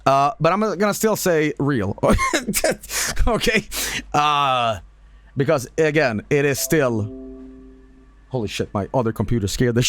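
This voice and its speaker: A man's voice: mid-range voice, animated, slow, a bit bright, no echo. Dry-sounding man chatting on stream. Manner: laughing, swearing, rambling with fillers. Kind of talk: casual live-stream commentary.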